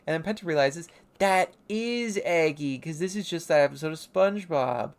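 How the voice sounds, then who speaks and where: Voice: medium pitch, normal speed. A young adult artist livestreaming, casually narrating and ribbing their own childhood comic, now and then acting out character lines. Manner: rambling, self-mocking, briefly acting out character lines.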